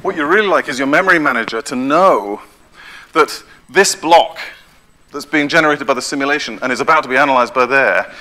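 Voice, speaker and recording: A man giving a technical conference talk, briskly explaining with frequent self-corrections while pointing at his slides. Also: medium pitch, bright, forceful tone. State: out of breath. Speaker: conference speaker.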